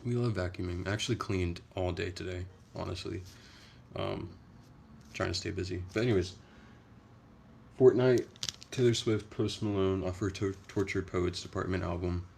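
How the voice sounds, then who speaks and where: A young man chats casually on a livestream, rambling along in a soft, low-key way. His voice sits very low with a gravelly fry, and a faint hiss of noise runs underneath. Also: moderate pace. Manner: soft-spoken, rambling, chatty. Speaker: livestream host.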